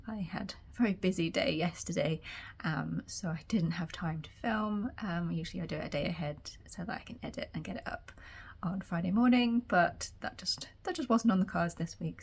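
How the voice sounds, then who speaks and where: Slightly croaky woman chatting about sewing. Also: on the low side, a little mellow. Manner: chatty, rambling with many fillers. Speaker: sewing vlogger. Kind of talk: casual chat to camera. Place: home sewing room.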